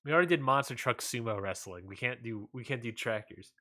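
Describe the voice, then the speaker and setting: A man co-hosting a casual wrestling podcast, laid-back and rambling, often trailing off quietly at the ends of lines. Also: mid-range voice, animated, a little fast. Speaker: podcast co-host.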